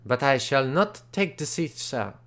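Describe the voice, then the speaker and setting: A man voicing an excitable little Frenchman with a put-on French accent and broken, indignant English. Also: medium pitch, unhurried.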